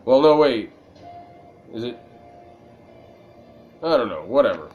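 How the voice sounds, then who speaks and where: A man's voice: medium pitch, very animated, takes it slowly, dull audio, soft background music. Joking, profane let's play man. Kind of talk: casual gameplay commentary.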